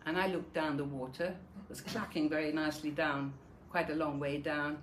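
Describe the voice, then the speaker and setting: A woman's voice: low voice, steady tone, moderate pace. An older woman from Denmark telling her own wartime memories in a vivid storytelling manner, acting out the dialogue. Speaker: Holocaust survivor giving a talk. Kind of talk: personal memoir talk. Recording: echoey room with faint noise.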